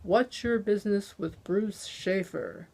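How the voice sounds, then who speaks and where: Woman reading a menacing male interrogator: slow, clipped, demanding. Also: medium pitch, a little mellow, slightly rough. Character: cold commanding male interrogator.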